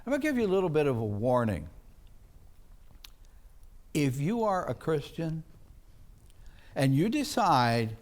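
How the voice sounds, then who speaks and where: A man's voice: on the high side, big pitch swings. A male pastor preaching a chapel sermon, telling the story dramatically and drawing it out. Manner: dramatic, drawn-out storytelling with acted-out voices.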